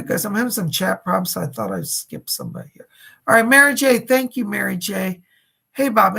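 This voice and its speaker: A middle-aged man hosting live psychic readings, chatting warmly with viewers by name and relaying messages. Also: sits high, gravelly, slightly rough. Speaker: psychic medium host.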